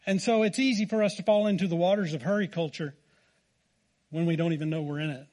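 A man's voice: a little high, fairly even intonation, fast talker, a little mellow. A man with an American accent preaching a sermon, telling a folksy, self-deprecating story. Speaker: pastor.

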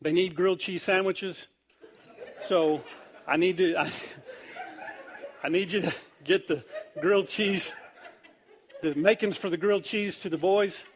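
A preacher man with a high, light voice delivers a lively sermon. He tells the story with jokes and quick asides, slipping into the voices of the people in it. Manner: animated storytelling, acting out characters, jokey asides.

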